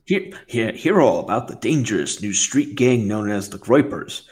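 A man's voice: on the low side, sing-song, moderate pace, darkish tone. A man doing a sensational mock TV newsman. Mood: mock alarm. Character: mock male TV news announcer, sensational.

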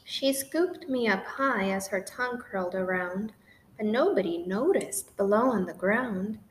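A woman reading a rhyming children's picture book aloud in an expressive, sing-song way. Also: mid-range voice, a little slow. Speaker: storybook reader. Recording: roomy echo with faint noise.

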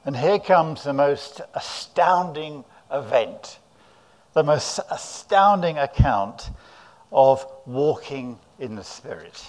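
English man preaching a slow, dramatic sermon. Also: fairly high pitch, animated. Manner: dramatic storytelling, voices the disciples' cries.

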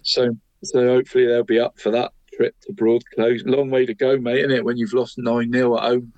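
In a mid-range, slightly mellow voice with flat delivery, a man at normal speed co-hosts a local football show. He chats through the weekend results, saying "mate" to his co-host constantly, on a dry, dull lo-fi recording.

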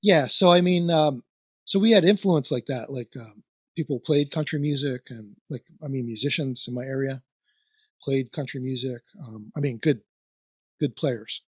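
A man's voice: medium pitch, normal speed, no echo. Man, Philadelphia-area accent, podcast host, rambling, many fillers, dry close sound. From New Jersey, near Trenton. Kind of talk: casual interview chat.

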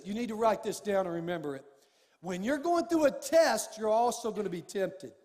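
Male pastor preaching, high voice, big echoey church hall, gets loud and emphatic. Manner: storytelling preacher, rising to emphatic shouts. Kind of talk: sermon. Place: church sanctuary. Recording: long reverb of a church hall.

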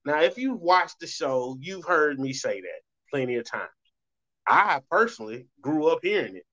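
A man's voice: fairly high pitch, animated, normal speed, sharp tone. A middle-aged man with a Southern US accent, a show host talking in a loose, rambling monologue and jumping his voice up when he mimics people. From Southern United States. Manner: loose, rambling, swings voice up for quoted reactions. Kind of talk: casual monologue. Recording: muffled lo-fi recording.

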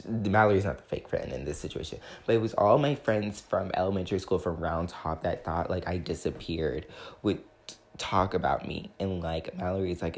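A young man vlogging, telling a personal story in a chatty, dramatic way, full of filler words. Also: deep voice. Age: young adult. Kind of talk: casual storytelling to camera.

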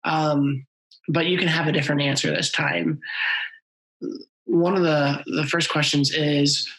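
A man's voice: fairly high pitch, fairly even intonation, unhurried, a bit bright, low-quality recording. A man hosting a podcast interview, talking in an earnest, reflective way. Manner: earnest, reflective, sometimes playful. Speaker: podcast host. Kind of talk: conversational interview.

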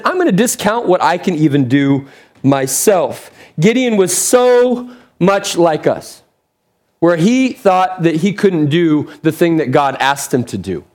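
Animated pastor telling a story. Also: male voice, high-pitched. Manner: storytelling, animated, chatty asides to the congregation. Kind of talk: sermon.

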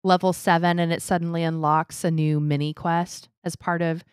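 A young adult woman co-hosting a casual podcast, chatty and animated, telling stories with quoted voices. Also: on the low side, moderate pace, clean tone, dry recording, clean studio sound. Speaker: podcast co-host. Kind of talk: casual chat.

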